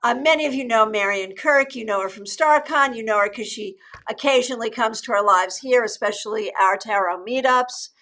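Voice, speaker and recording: Middle-aged woman, live-stream tarot host; bright, forceful voice, chatty and cheerful, restarts sentences. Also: on the high side, brisk, few pauses. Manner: chatty, upbeat, with frequent restarts. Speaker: tarot reader and channel host.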